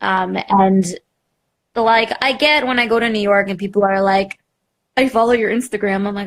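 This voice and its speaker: A young woman, a podcast host, candidly telling her story in a live interview, self-mocking and animated, full of "like" and acted quotes. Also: mid-range voice, normal speed.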